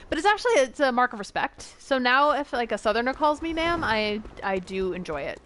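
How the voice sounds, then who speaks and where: Fast-talking chatty woman streamer. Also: a little high, sing-song, a bit bright, a little hiss or hum. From northern United States. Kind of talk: casual chat while playing a game.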